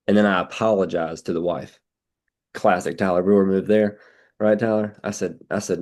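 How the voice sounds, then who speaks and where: A man's voice: deep voice, steady tone, moderate pace, pauses often, a little mellow. A man, telling a blunt, folksy sales story on a team call, quoting his own dialogue with many restarts.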